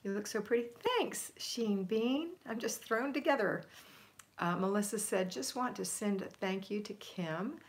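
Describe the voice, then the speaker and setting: A woman's voice: mid-range voice, unhurried. A woman hosting a homemaking livestream, giving upbeat, emphatic motivation in a chatty coaching tone and reading viewer comments aloud to answer them.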